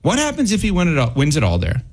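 A man hosting a sports talk show, talking in an animated, excitable way. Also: a little high, quick pace. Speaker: host.

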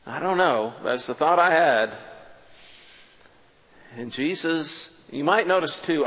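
A man preaching a sermon as a first-person dramatic story, animated and swinging between loud passages and hushed ones. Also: a little high. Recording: long reverb of a large hall.

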